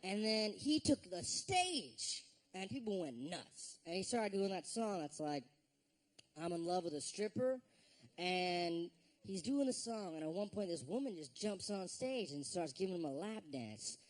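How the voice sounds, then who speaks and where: A man performing a stand-up routine on stage, telling stories in an animated way with voiced reactions. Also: high voice, unhurried. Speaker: stand-up comedian. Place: live show on stage.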